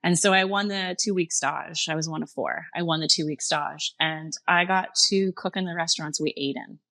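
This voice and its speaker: Bright-voiced Canadian chef telling stories. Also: female voice, moderate pace, dry recording. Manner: animated, acts out dialogue in a higher voice, laughs often. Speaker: chef and restaurant owner, podcast guest. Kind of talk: conversational storytelling.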